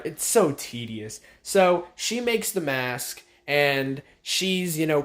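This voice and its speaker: Sarcastic, ranting male commentator. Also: on the high side. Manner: sarcastic, exasperated, profane. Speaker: video commentator. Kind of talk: ranting TV show recap.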